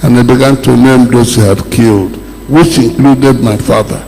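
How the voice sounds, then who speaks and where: A man preaching a sermon in slow, emphatic bursts, his voice rising on key words. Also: mid-range voice, steady tone, warm tone. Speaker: pastor. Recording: echoey hall with long reverb.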